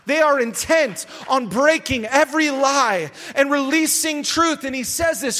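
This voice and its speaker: A male preacher with a strikingly high voice delivers a sermon. His tone is bright and forceful. He hammers his points home by repeating phrases and now and then lifts into a shout. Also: moderate pace, few pauses.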